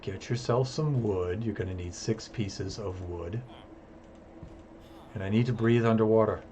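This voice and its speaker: A man's voice: fairly low pitch, a little slow, background noise. A man chatting through live gameplay commentary, self-amused and handing out jokey tips. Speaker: streamer.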